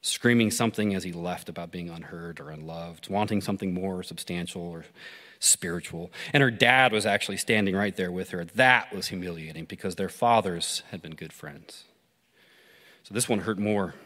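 A man preaching through a story, pausing to ask listeners reflective questions. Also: low voice, bright, forceful tone. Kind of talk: sermon told as a story. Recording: long hall reverb.

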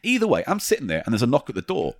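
A podcast host races through animated stories in casual chat, swearing freely. His voice is medium-pitched, and the recording is clean studio sound with no echo.

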